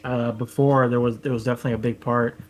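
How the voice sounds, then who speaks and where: Brief: young male co-host, sincere and meandering, average pitch. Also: level tone, fast talker, low-quality recording. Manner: earnest, rambling. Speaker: podcast co-host. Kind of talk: casual chat.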